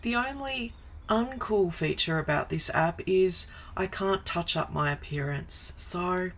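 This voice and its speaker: Chatty woman, 40s, fairly low voice, unhurried delivery; hosting a casual livestream from her office. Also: a little hiss or hum, rough recording. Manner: chatty, greets viewers by name, wanders off topic. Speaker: live stream host. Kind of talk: casual live stream chat. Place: home office.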